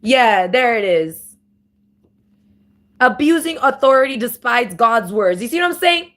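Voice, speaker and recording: A woman giving an off-the-cuff spiritual monologue, ranting with profanity and slang, restarting phrases and breaking into louder emphatic bursts. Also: fairly high pitch, sing-song, a little slow. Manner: profane, emphatic rant with sudden louder outbursts. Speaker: spiritual commentator.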